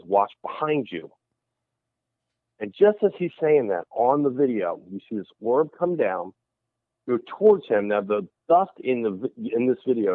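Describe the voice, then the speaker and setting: Man, middle pitch, paranormal investigator, animated storyteller, acts out voices, tinny phone line, dry sound. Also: no echo. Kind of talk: storytelling in a radio interview.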